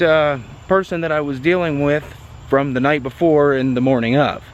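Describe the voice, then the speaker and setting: A man vlogging about a car, telling a story to the camera in a chatty, excitable way with lots of fillers. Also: fairly high pitch, moderate pace, few pauses, dull audio, slight background noise.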